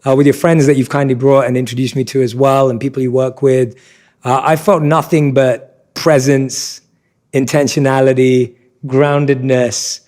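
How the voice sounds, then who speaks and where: A man's voice: mid-range voice, level tone, a little mellow. A man hosting a podcast interview, speaking reflectively and making light jokes. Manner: reflective, measured, with light joking. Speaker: podcast host. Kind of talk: interview conversation.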